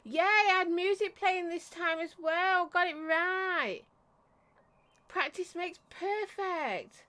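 High-voiced chatty woman live streaming. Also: slow, pushed and bright. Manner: chatty, affectionate, greets viewers by name; coughs and clears throat often. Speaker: vape reviewer and livestream host. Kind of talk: casual live stream chat.

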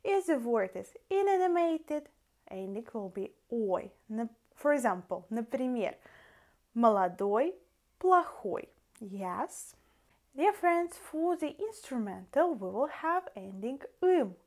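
A language teacher speaks with a Russian accent in a fairly high, darkish, sing-song voice. Unhurried and deliberate, she calls her viewers dear friends and often stops to sound out each word ending individually.

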